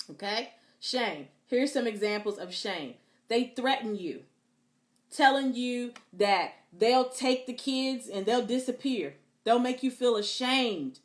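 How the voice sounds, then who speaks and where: A woman Christian counselor with a fairly high voice teaches in a spirited, preacher-like way. She acts out the taunts of abusers and calls her listeners "beloved". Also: fairly bright tone. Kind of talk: teaching talk on psychological abuse.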